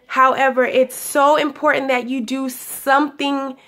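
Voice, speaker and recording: A young woman giving a casual daily spiritual pep talk, chatty and affectionate, her voice still a little hoarse from recovering. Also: high-pitched, flat delivery, measured pace, sharp tone. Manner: chatty and affectionate, laughs often, calls listeners "honey". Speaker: spiritual guidance vlogger.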